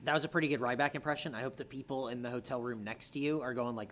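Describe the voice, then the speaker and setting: A man's voice: medium pitch, fairly even intonation, a bit bright, slight background noise. A man co-hosting a podcast, recapping wrestling in casual chat, enthusiastic, swears a lot, teases his co-host. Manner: enthusiastic, profane, quick to tease.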